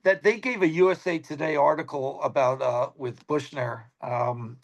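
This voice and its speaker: A man's voice: a little high, normal speed. Rambling middle-aged man telling stories. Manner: rambling, animated, acts out quoted people. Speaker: guest, veteran sports cameraman. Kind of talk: casual anecdotal storytelling. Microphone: phone on a video call.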